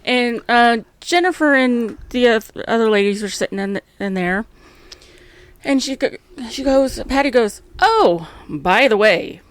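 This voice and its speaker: A woman's voice: fairly high pitch, unhurried, clean tone. A woman co-hosting a podcast, telling a story in casual chat and acting out her own reactions. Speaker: podcast co-host.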